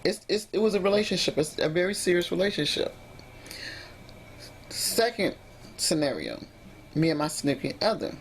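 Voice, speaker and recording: A woman's voice: fairly low pitch, big pitch swings, normal speed, pauses often, slight background noise. A woman vlogging about personal drama, emotional and rambling, often restarting her sentences. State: emotionally upset. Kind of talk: emotional storytime vlog.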